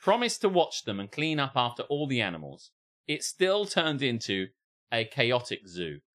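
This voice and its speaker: A man's voice: medium pitch, normal speed. A man co-hosting a comedy podcast, reading out a post and riffing on it with laughter and swearing. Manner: animated, laughing, swearing, mock voices. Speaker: podcast co-host. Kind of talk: comedic reading of online posts.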